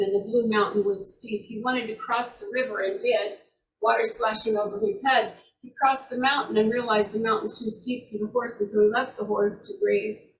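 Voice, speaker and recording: A woman storyteller retelling a folktale in an unhurried way, repeating words and restarting phrases as she goes. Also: fairly high pitch, slight background noise. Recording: roomy, distant, dull lo-fi sound.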